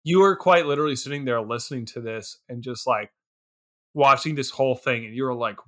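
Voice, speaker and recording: A man co-hosting a casual movie podcast, animated and quick to laugh, talking with lots of filler words. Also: mid-range voice. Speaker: podcast co-host. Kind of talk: casual movie review chat.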